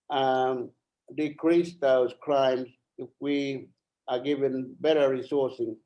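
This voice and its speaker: At an online forum, a middle-aged parliamentarian from Arnhem Land, Australia, talks haltingly and earnestly, circling back over phrases while a bit out of breath. He has a medium pitch, and the audio is dull.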